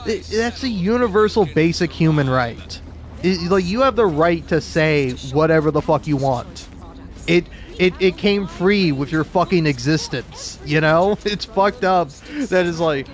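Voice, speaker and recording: A young adult man ranting casually while gaming, profane and rambling, laughing often and restarting his sentences. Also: fairly high pitch. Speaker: gaming video creator. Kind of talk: casual rant while playing a game.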